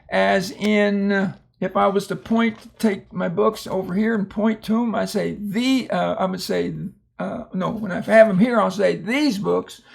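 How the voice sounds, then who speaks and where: Slow, gravelly phonics teacher. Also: male voice, high-pitched. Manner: slow, deliberate, stretching out each example word. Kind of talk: reading lesson.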